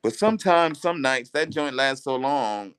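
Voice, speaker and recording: Guest comic, male, mid voice, dry close mic; animated and profane, stumbling into his points. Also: mid-range voice, a little slow, clear, resonant tone, no room sound. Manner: animated, restarts, profane storytelling. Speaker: stand-up comedian, guest. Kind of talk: casual interview chat.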